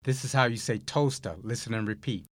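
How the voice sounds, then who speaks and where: A man hosting a recorded language course, explaining grammar mistakes and giving listen-and-repeat prompts in a measured, clearly enunciated way. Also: medium pitch, dry recording. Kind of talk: scripted Spanish lesson narration.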